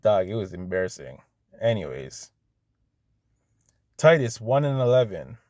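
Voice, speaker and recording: A man's voice: on the low side, sing-song, unhurried, darkish tone, no room sound, studio quality. A man ranting casually to the camera, blunt and heated, with plenty of profanity. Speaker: vlogger. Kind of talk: casual rant.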